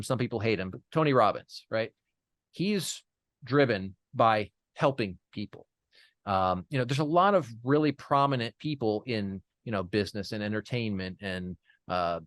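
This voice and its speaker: A man's voice: medium pitch, no echo, studio quality. A man as an interview guest, telling a personal story in an earnest way, with many fillers and restarts.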